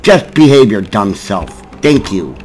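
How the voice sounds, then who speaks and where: A man giving gameplay commentary, frustrated and swearing at the game, with sudden yelled bursts. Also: very animated, unhurried, slight background noise, rough recording. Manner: yelling in sudden high bursts. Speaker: gaming YouTuber.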